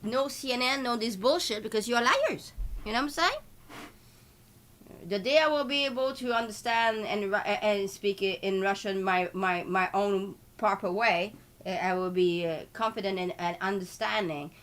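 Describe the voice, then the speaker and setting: A woman from Canada with a Quebec French accent, hosting a live market commentary in an excitable way and peppering her talk with filler tags. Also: mid-range voice, moderate pace. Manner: excitable, switches between French and English, full of filler tags. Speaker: host.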